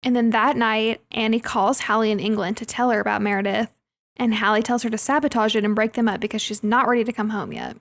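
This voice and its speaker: Young woman co-host, slightly high, gravelly, casual and chatty. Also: steady tone, fast talker. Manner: chatty, laughs often, acts out quoted lines. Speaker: podcast co-host. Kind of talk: casual movie recap chat.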